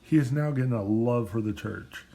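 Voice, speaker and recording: A man's voice: medium pitch, moderate pace, gravelly, mellow. A man giving a personal testimony to a camera, earnest and emotional, often repeating himself.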